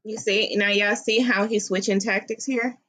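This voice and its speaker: A woman at a middle pitch speaks to her viewers in a conversational, reflective tone. She explains things step by step as if breaking them down for an audience. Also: steady tone, moderate pace, a bit bright. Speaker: vlogger telling her story. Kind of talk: storytime commentary on a recording.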